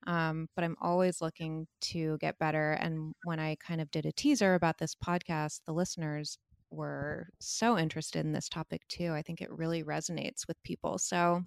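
A woman hosting a podcast, talking in a relaxed, thoughtful way with fillers. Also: deep voice, creaky, no echo, clean studio sound. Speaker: podcast host. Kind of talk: casual interview talk.

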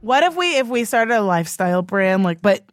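A woman co-hosting a comedy podcast, playful and excitable in casual chat. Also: mid-range voice, a little fast, background noise. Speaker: podcast co-host.

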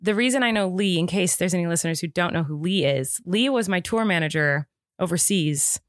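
A woman's voice: on the low side, fairly quick, no echo. American woman, podcast host, playful and giggly, dry close sound. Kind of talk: casual podcast chat.

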